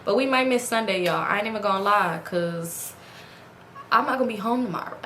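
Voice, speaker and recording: A woman's voice: mid-range voice, brisk, echoey room, slight background noise. A woman vlogger at home, casually telling a story to her viewers and acting out the quoted lines in a raised voice. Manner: animated, acts out quoted dialogue in raised voice. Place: home at night in front of a ring light.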